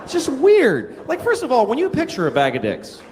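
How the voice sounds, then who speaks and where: A man performing a stand-up comedy routine, telling a profane story in a deadpan way with sudden shouted outbursts. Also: very high-pitched, a little fast. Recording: stand-up clip with background noise.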